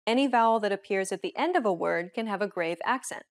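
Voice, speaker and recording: A woman's voice: mid-range voice, animated. Woman hosting a scripted language lesson. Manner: clear, measured explaining tone.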